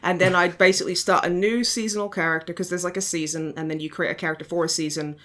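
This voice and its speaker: A woman's voice: fairly low pitch, steady tone, fast talker, a bit bright. A woman hosting a podcast in casual chat, sardonic and giggly, with frequent swearing. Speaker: podcast host.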